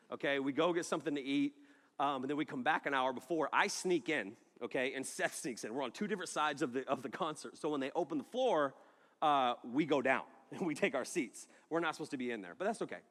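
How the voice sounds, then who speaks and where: A man preaching a sermon to a live audience, telling a funny story in an animated way, laughing and shouting as he acts out the scene. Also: mid-range voice, brisk. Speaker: youth pastor. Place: large hall. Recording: echoey hall with long reverb.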